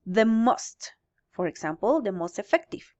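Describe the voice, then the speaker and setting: A woman's voice: medium pitch, very animated, measured pace, darkish tone, highs cut off. A woman teaching English grammar in a recorded lesson, explaining step by step and answering her own questions.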